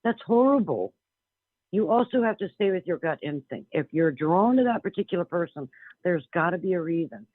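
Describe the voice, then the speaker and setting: A woman's voice: on the low side, lively intonation, moderate pace, slightly rough, no echo. Blunt woman on a tinny phone line. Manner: blunt, emphatic, frequent restarts. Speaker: psychic medium guest. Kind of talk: phone-in radio interview. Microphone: telephone.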